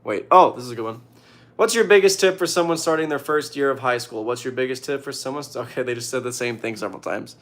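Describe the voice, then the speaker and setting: A man's voice: medium pitch, quick pace. Joking young man answering questions. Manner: reads questions aloud, jokey deadpan answers. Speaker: streamer answering viewer questions. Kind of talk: casual joking advice chat.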